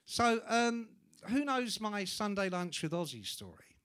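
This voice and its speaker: A man's voice: sits high, measured pace, smooth. A man, hosting a live podcast and telling an anecdote with lots of swearing and acted-out voices. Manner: animated storyteller, swears freely, acts out voices. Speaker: podcast host.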